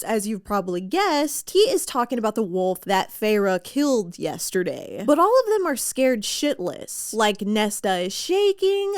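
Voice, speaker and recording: A woman giving a comedic book recap as a vlogger, talking in a sarcastic, profane, animated way. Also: fairly high pitch, no echo, studio quality.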